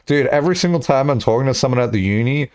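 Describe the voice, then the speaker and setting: A man's voice: mid-range voice, very fast. A young man streaming and chatting casually, rambling through stories with lots of swearing and laughter. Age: young adult. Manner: rambling, profane, laughs often, animated storytelling.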